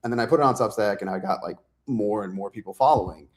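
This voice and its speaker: Low-voiced man, rambling animated storyteller. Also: fast talker. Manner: animated storyteller, acts out quotes, swears freely; loose and rambling with many fillers. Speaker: author guest. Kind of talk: casual interview chat.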